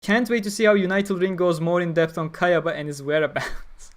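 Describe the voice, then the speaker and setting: A man's voice: sits high, fairly even intonation, fairly quick. Blunt man streaming. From Turkey. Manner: opinionated, blunt, talks through ideas with fillers. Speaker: streamer answering chat. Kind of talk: casual livestream talk.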